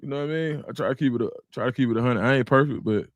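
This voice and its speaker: A man at a mid-pitched, ordinary register, hosting a relaxed livestream from a small room at home. He talks in a loose, conversational way and greets viewers by name. His voice is close and dry on a desk mic. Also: racing, no echo. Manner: laid-back, talks straight to viewers, greets chat by name. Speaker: livestream host. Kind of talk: casual livestream chat.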